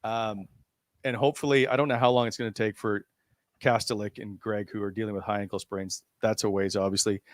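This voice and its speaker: A man's voice: lowish voice, flat delivery, brisk, dry recording. A man hosting a hockey talk show, leading the discussion and putting questions to the other panelists. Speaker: sports talk show host.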